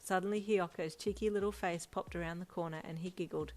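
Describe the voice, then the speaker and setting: Woman reading fanfic aloud, kinda low voice, lively storytelling. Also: a little fast, hardly any pauses. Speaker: fanfic audio narrator. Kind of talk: second-person story narration.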